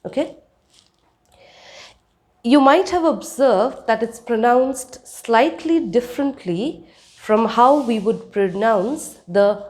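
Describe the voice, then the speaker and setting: A woman's voice: on the high side, a little mellow. A woman teaching a spoken lesson, demonstrating sounds and checking in with her listeners. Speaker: accent coach.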